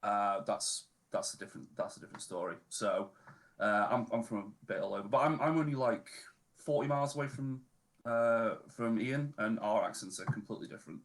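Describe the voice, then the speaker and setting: A man with a Lancashire accent chatting as a guest on a stream, easygoing and relaxed, dropping local slang. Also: fairly low pitch, a little fast. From Northern England. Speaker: podcast guest. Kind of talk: casual chat on a charity stream.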